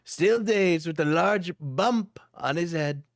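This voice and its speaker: A man's voice: a little high, takes it slowly, no room sound, studio quality. A young man, a streamer, reading fanfiction aloud for laughs and often cracking up. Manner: amused, often breaking into laughter.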